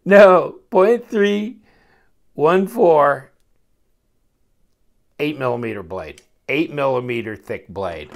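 A man giving a casual, rambling knife review, chuckling often and interrupting himself as he goes. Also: fairly high pitch.

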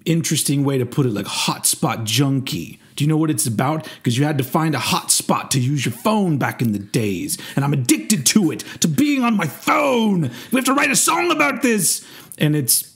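A man in casual podcast chat, ranting in an animated way with many restarts. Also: on the high side, normal speed, breathy edge. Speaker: podcast co-host.

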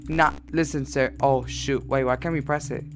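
Man, gaming commentary, horror game, jumpy frightened exclamations, mid pitch, soft background music. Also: steady tone, normal speed. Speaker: gaming YouTuber.

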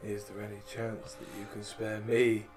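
A man's voice: on the low side, completely flat delivery, moderate pace, a little mellow, echoey room, faint music behind, natural voice. A man playing a weary masked sea captain.

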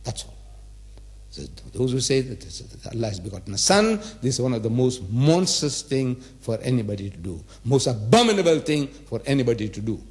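A man's voice: mid-range voice, sing-song, a little fast, a little mellow. A man in his seventies giving a public religious lecture, emphatic and repetitive, asking the audience rhetorical questions. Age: 70s.

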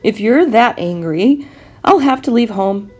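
A woman's voice: fairly high pitch, animated, measured pace, darkish tone. A woman voicing a clumsy, nearsighted little boy dinosaur in a storybook reading, earnest and a bit stammering.

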